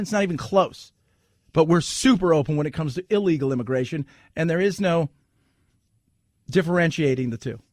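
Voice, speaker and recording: A man hosting a talk radio show, talking in an animated, sarcastic, conversational way. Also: high voice, dry recording, clean studio sound. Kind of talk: talk radio monologue and ad read.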